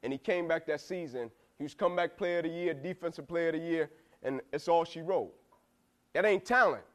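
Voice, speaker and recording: A man's voice: fairly high pitch, fairly quick, fairly bright tone. A young man giving an emphatic, slangy motivational speech to football players, repeatedly asking "right?". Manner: emphatic, repetitive, asks "right?" a lot, slangy.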